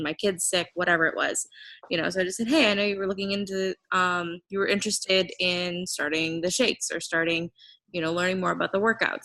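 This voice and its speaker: A woman's voice: on the low side, pushed and bright, low-quality recording. A woman on a group video call talking in a hesitant way with many fillers. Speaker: team member on a call. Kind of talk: casual chat on a group call.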